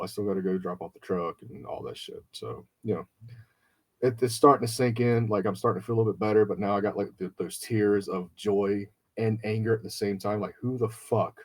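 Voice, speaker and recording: A man on a podcast tells a long story in casual, profane chat. His voice sits a little low, and he switches into his friends' voices when he quotes them. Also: fairly quick. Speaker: podcast host.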